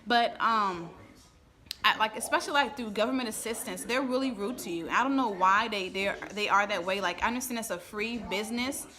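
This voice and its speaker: Talking a little fast in a sharp, mid-range voice, this vlogger vents live from home amid the sound of chattering children. She rambles with many restarts, clearly irritated and emotional.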